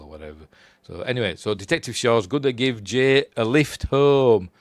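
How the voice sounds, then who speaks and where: A man's voice: lowish voice, measured pace, no room sound. A man with a Yorkshire accent casually recapping a horror film, rambling and chuckling as he goes. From Yorkshire, England. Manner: rambling, chuckling, quotes characters in a raised voice. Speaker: film reviewer.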